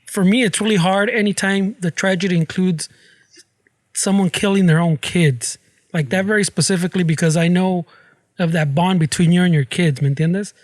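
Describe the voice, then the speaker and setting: A man's voice: high voice, steady tone, moderate pace, no room sound. A man with a Mexican-American accent talking earnestly on a podcast, mixing in Spanish phrases. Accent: Mexican-American English. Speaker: podcast co-host. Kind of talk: casual chat.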